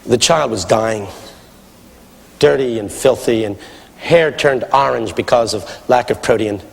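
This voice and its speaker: A middle-aged man preaching a sermon, swinging from shouted appeals to hushed storytelling. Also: mid-range voice, unhurried, vocal fry, long reverb tail.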